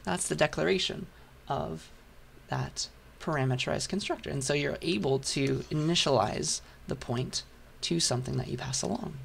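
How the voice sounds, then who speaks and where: A man lecturing a programming class, patient and step by step while writing, his voice hoarse. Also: fairly high pitch, moderate pace, fairly bright tone, a little hiss or hum. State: hoarse, losing voice. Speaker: university lecturer. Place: lecture hall.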